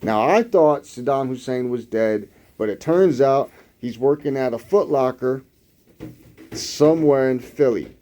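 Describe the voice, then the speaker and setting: A man's voice: mid-range voice, a little slow, mellow. A man reading the news and riffing on it in a sarcastic, rambling, profane way. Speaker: host reading news with commentary. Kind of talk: casual news commentary.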